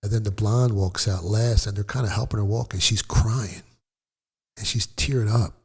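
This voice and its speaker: A middle-aged man with a low, husky voice tells his story bluntly and profanely, full of swearing and vivid retelling. He talks casually, as a guest in an interview. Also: fairly even intonation, normal speed.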